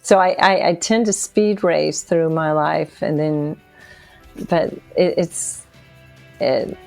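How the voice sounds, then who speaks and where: A woman in her sixties giving an emotional personal testimony as a podcast guest, halting often and restarting her sentences. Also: low voice, gravelly, darkish tone, no room sound, soft background music. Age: 60s. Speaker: interview guest.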